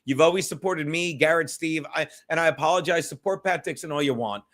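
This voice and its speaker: A man's voice: on the high side, a little fast, fairly bright tone. Rambling man chatting to his stream. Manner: rambling, talks straight to chat viewers. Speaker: podcast host reading live chat. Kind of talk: casual livestream chat.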